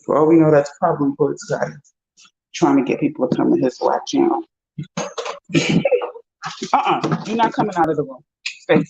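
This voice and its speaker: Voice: mid-range voice, moderate pace, gravelly, long pauses, darkish tone, slightly rough. A host chatting casually with livestream viewers, talking to the viewers and to pets along the way. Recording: dull lo-fi sound.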